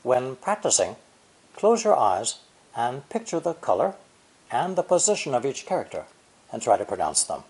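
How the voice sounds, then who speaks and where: A man in his sixties narrating a scripted language lesson in a measured, explanatory way, stressing syllables and tones. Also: medium pitch, big pitch swings, darkish tone, breathy edge, rough recording. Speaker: language teacher.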